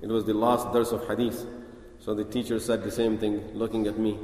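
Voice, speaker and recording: A man's voice: fairly low pitch, little pitch movement, darkish tone. Man lecturing in an echoey hall. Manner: reads Arabic text fast, then explains it slowly in English. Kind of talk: Islamic lecture explaining hadith. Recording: echoey hall with long reverb.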